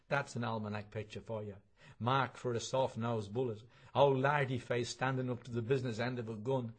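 Husky man reading a wry story. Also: medium pitch, steady tone, normal speed. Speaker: reader. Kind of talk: dramatic reading of a novel.

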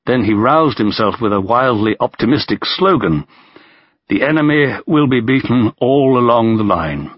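Low, husky-voiced male audiobook narrator. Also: dry recording, highs cut off. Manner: measured, lifts his voice for quoted speech.

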